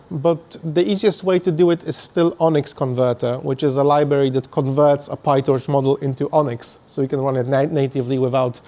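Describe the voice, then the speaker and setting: At a meetup venue, a conference speaker delivers a technical talk in a mid-range, slightly mellow voice. His explanations are peppered with fillers and restarted sentences.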